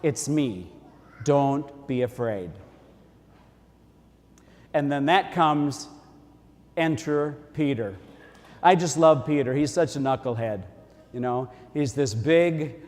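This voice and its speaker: A man's voice: a little high, unhurried, darkish tone. Folksy priest guy giving a homily, chatty and homespun, big church echo. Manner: folksy, conversational preaching. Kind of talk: sermon. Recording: long church reverb.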